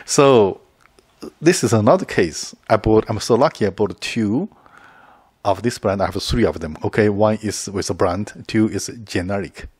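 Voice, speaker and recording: A man's voice: lowish voice, normal speed, darkish tone, slightly rough. A middle-aged man chatting casually to camera as a video creator, rambling, repeating words and chuckling often.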